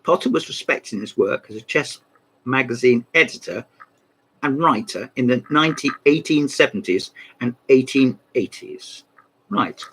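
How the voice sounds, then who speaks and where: Man, husky and lively, rambling comic book review full of asides. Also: mid-range voice, moderate pace. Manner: rambling, self-interrupting, mock phone call asides. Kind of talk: comic monologue.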